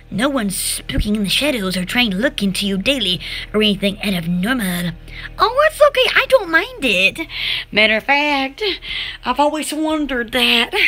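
A young woman rambling through a casual vlog, excitable and giggly, her thoughts scattered. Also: sits high. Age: young adult. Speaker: channel host.

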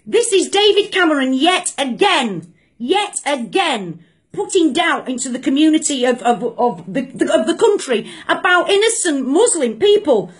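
A woman's voice: sits high, sing-song, moderate pace. A woman delivering an angry opinion rant to camera, indignant and emphatic, repeating phrases for force. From Britain.

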